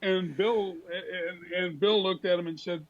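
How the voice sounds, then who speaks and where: An older man telling lively anecdotes as a talk show guest, dropping into quick impressions of other people. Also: high voice, lo-fi sound. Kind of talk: casual storytelling interview.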